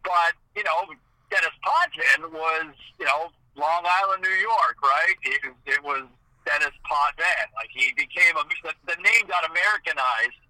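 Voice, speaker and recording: A man from Eastern Ontario chats loosely and keeps restarting his sentences. His voice is very bright and a little high, and the sound is close and dry. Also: normal speed, few pauses, no echo, poor audio. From Eastern Ontario, Canada. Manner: animated storytelling, many "like"s and restarts. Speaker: hockey video game commentator. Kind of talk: casual podcast chat.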